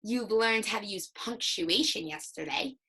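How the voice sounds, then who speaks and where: A young woman teacher giving a recorded reading lesson to young children, with exaggerated, animated demonstrations. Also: mid-range voice, a little slow, husky, rough recording.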